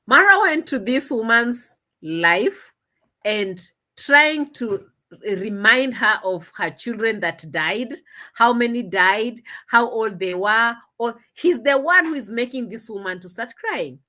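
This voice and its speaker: A woman vlogger comments on a clip in an indignant, mocking manner, sometimes breaking into laughter, captured by a desk camera mic. Her voice is on the high side and expressive, with a slow delivery and a sharp tone.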